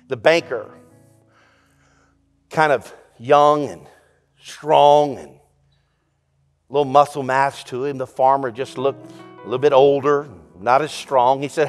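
A man preaching a sermon as pastor, telling a folksy joke story and speaking in a lively, conversational way. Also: medium pitch, slow, pauses often, faint music behind. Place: church sanctuary.

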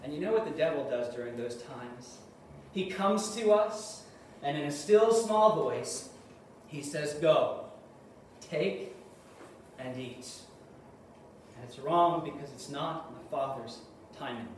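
High-voiced preacher in an echoing room. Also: male voice, animated, normal speed. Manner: earnest preaching, swings between loud emphasis and hushed asides. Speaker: pastor. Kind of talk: sermon. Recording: echoey room, mic at a distance, faint noise.

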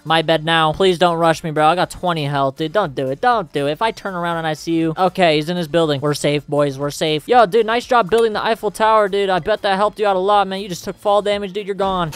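A man's voice: high voice, fast talker, few pauses, smooth. Young male gamer, hyped and cocky, narrating his own match; keep faint music under it. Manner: excitable, trash-talking, laughs often. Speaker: gaming YouTuber. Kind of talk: casual gameplay commentary.

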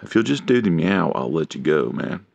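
A deep-voiced man with a rough, gravelly texture keeps pestering his cat in a slow, drawn-out way. The sound is dull and lo-fi but close and dry. His tone stays teasing and nagging throughout. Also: very animated, no echo. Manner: teasing, nagging, repeats himself. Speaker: pet owner filming his cat. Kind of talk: casual teasing vlog.

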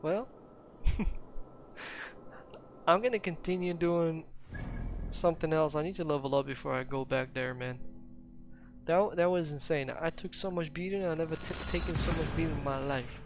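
A man's voice: a little high, moderate pace, long pauses. A young man commenting casually on his own gameplay, mixing joking threats with frequent laughter. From Ukraine. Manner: playful mock-menacing trash talk, laughs often. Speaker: gaming channel host. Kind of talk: casual let's-play commentary. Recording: steady background noise.

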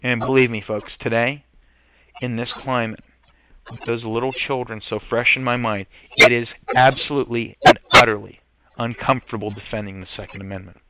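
A man's voice: medium pitch, steady tone, brisk. A man hosting a podcast, talking earnestly and with emotion, sometimes reading aloud and often correcting himself mid-word. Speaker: podcast host. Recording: slightly muffled podcast audio, faint hiss.

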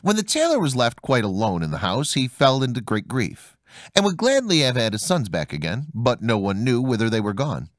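Expressive male fairy tale narrator. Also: medium pitch, fairly quick, no room sound, clean studio sound. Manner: expressive storytelling, voicing each character. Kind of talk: audiobook fairy tale reading.

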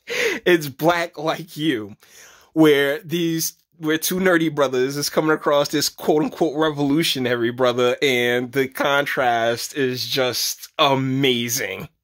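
A man giving casual reaction commentary, rambling with many stammered restarts and jumps into high laughter. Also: takes it slowly, a bit bright. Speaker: YouTube commentator.

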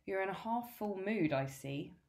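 A woman reading aloud the lines of a gentle, loving mother in a story, reassuring and calm. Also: mid-range voice, normal speed, vocal fry, pitched above the performer's own voice.

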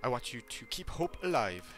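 A man doing a mock British accent as an earnest young male headmaster, speaking slowly and pleadingly. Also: medium pitch, sing-song, fairly bright tone, soft background music, pitched above the performer's own voice. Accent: attempted British.

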